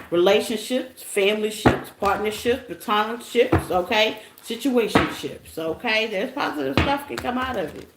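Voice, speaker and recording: A woman giving a casual live tarot reading, playful and teasing, laughing often and chatting with her listeners. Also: medium pitch. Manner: chatty, calls listeners y'all and baby. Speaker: tarot reader. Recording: echoey room with background noise.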